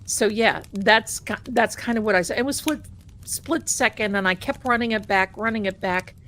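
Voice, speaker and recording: A woman with a Boston accent hosting a tarot livestream, talking in a casual, animated and sarcastic way and repeating phrases for emphasis. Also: medium pitch, normal speed, slight background noise.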